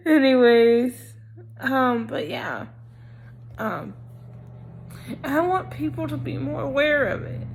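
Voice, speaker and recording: Slow, hesitant young woman vlogging. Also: sits high, lively intonation, creaky. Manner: slow, hesitant, many ums. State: sleepy, not fully awake. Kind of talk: casual personal vlog talk.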